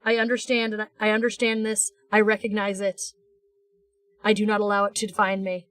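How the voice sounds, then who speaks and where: A woman's voice: medium pitch, little pitch movement, fairly quick, a bit bright, no room sound. A young woman streaming while she draws, chatting playfully and rambling with restarts and teasing asides. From United States. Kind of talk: casual live-stream chat while drawing.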